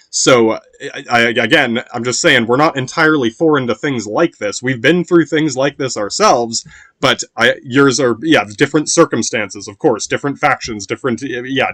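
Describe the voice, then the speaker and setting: A man hosting a podcast, rambling in a casual monologue, swearing often and filling every pause with "yeah". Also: mid-range voice, a bit bright, dry recording, clean studio sound. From United States. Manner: meandering, profane, constant "yeah" fillers. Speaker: podcast host.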